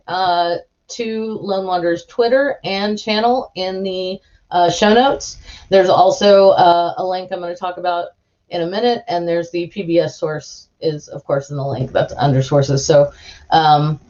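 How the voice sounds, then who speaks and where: A woman's voice: medium pitch, darkish tone, dull audio. A woman hosting a live stream, chatting casually in a giggly, rambling way with lots of restarts.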